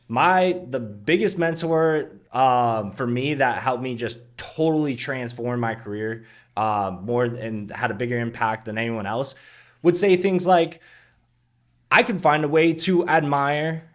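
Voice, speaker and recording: A man giving casual commentary on a sales training video. He speaks at a middle pitch and closes point after point with "right?", with "um"s throughout. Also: lively intonation, takes it slowly. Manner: leans on "right?" and frequent "um". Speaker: sales coach reacting to a video.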